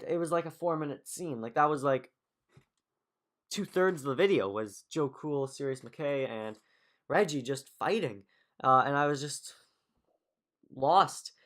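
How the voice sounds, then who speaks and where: A man's voice: on the high side, normal speed, long pauses, fairly bright tone. A man hosting a podcast, reviewing in a loose, rambling way full of fillers and offhand jokes. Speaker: podcast host. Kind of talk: casual review monologue.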